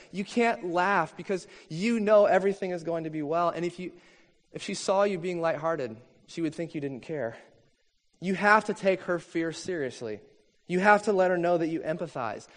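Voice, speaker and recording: A man preaching a sermon in an earnest, measured way, reading long quotes slowly. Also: on the high side. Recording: long reverb from a hall.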